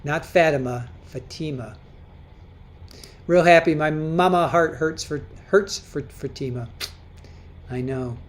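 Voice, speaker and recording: A woman's voice: sits low, measured pace. A woman hosting a casual livestream, chatting as she reads viewer comments aloud, often repeating and restarting her words. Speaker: livestream host.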